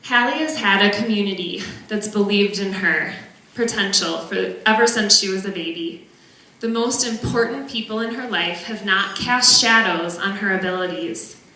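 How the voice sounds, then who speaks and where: Young woman, bright voice, earnest prepared speech, podium mic, heavy hall echo. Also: medium pitch. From northern Wisconsin. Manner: earnest, measured, heartfelt. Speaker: parent giving a benefit speech. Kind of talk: prepared speech read aloud. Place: large banquet hall. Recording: very echoey banquet hall.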